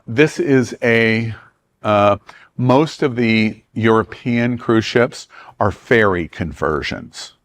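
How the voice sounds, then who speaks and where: A man's voice: on the low side, slight background noise. A man with a Southern US accent, hosting a travel club and briefing a group in a meeting room in a chatty, joking way.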